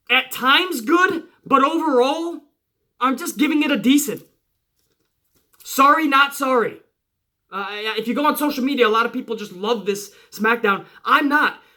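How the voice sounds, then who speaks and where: A man hosting his own channel, giving a casual, profane review, emphatic and jumping up in pitch when worked up. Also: sharp tone. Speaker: wrestling show reviewer, channel host.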